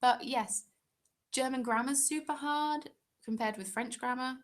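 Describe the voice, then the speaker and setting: A woman's voice: high-pitched, a little slow. A young woman hosting a craft channel, chatting casually on a live stream and answering viewer questions with lots of ums and trailing asides.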